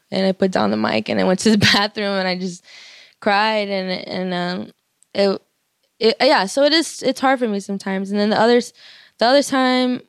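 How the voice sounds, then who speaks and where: A woman's voice: medium pitch, gravelly, no room sound. Young woman rapper talking real open in an interview, lots of likes and ums, laughs a bunch, dry close sound. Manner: open and confessional, lots of fillers and restarts, laughs often. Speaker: musician being interviewed. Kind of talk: candid interview talk.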